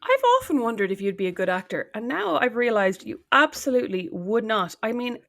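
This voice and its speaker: A woman's voice: on the high side, expressive, a little fast, a bit bright. A woman with an Irish accent co-hosting a podcast in casual chat, teasing and wry. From Ireland. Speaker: podcast co-host.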